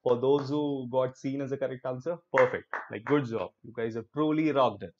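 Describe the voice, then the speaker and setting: A man's voice: mid-range voice, fairly even intonation, normal speed, lo-fi sound. A young male online English teacher with an Indian English accent, teaching a live class in an upbeat, encouraging way and slipping into Hindi.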